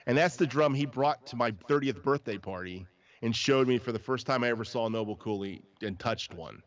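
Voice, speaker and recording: A drummer from New Jersey hosts a casual live podcast chat about drums, speaking a little fast in a mid-range voice. He tells long, rambling stories full of restarts, and the livestream audio is dull and lo-fi.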